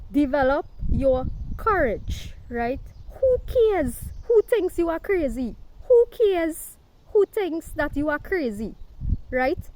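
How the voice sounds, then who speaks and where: A woman giving a forceful, preachy monologue to camera, swearing and ending nearly every sentence with a questioning "right?". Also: high-pitched, a little hiss or hum. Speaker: spiritual self-help speaker.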